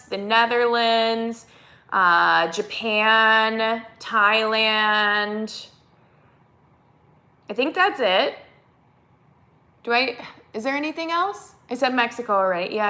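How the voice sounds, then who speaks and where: Speaking slowly with long pauses, this woman has a fairly high, sharp-toned voice and a Minnesotan accent. She's from the United States and hosts a casual live stream, reading viewer comments aloud and answering them in a chatty way.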